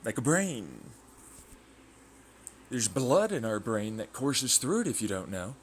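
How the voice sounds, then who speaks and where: A man's voice: medium pitch, sing-song, takes it slowly, slight background noise. A man from Arizona with an American accent, rambling casually in a monologue, repeating fillers and jumping between ideas. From Arizona, United States. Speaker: vlogger.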